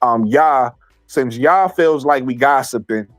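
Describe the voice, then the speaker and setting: A man's voice: mid-range voice, measured pace. A man hosting a casual livestream chat, talking animatedly, repeating himself and swearing freely. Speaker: livestream host.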